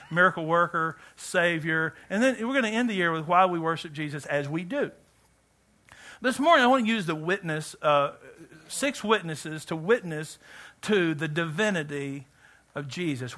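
A middle-aged man preaching with a high, bright, ringing voice. He is animated and jokey, jumping from loud outbursts to near-whispers. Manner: animated, joking, swings between loud and hushed. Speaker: pastor. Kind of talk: sermon.

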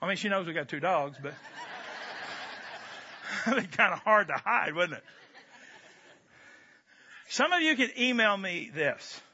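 A male pastor delivers a sermon in an animated, joking, conversational way. His voice sits high and sounds very bright, and the recording is dull and lo-fi. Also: unhurried, pauses often, breathy edge.

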